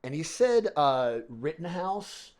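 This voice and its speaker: A man's voice: a little high, big pitch swings, slow, a little mellow. A middle-aged man hosting a casual chat, telling a long story in a rambling way with many restarts. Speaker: podcast host.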